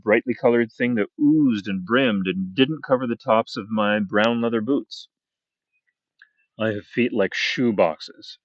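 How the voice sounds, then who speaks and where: Man reading a story, measured and dry. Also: medium pitch, a little mellow, no echo. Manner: measured, pausing, first-person telling. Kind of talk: unedited audiobook reading. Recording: dull, dry.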